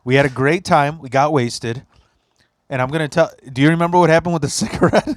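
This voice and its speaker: A man's voice: on the high side, brisk, no room sound, studio quality. A man hosting a casual podcast chat in a basement, telling a rambling story with laughs, swearing and teasing his friend. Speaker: podcast host.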